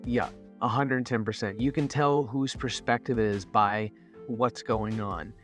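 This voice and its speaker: A man co-hosts a relaxed hobby podcast, gushing with enthusiasm and laughing easily. His voice sits at an ordinary middle pitch, with faint music underneath. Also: unhurried. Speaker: podcast co-host. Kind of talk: casual hobby chat.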